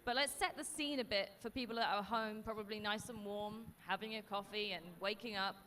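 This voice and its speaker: A woman hosting a live motocross paddock show outdoors, bubbly and quick to laugh at herself. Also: mid-range voice, steady tone, pushed and bright, a little hiss or hum. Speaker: host. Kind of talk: live paddock broadcast chat.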